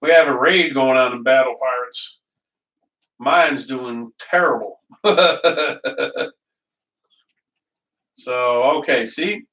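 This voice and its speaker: In his kitchen, a man hosts a casual live cooking stream, rambling, greeting viewers by name and laughing a lot. His medium-pitched, slightly bright voice moves slowly with long pauses. He's far from the mic in an echoey room.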